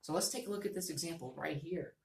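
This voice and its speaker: Low-voiced teacher explaining patiently. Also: female voice, quick pace, vocal fry, slight background noise. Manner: patient, repeats key points and models reading voices. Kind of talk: reading lesson for young students. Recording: echoey room.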